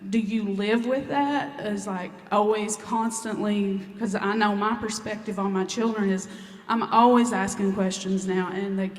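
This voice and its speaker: A woman's voice: medium pitch, fairly even intonation, unhurried. A woman on a conference panel asking a question in a conversational, searching way. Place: conference hall. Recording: echoey hall.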